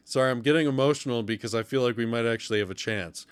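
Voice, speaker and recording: A man hosting a let's play, reacting loudly to the game and reading its dialogue aloud. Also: mid-range voice, a little fast, pauses often. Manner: expressive, reacts loudly, laughs often. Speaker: gaming channel host. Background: faint music.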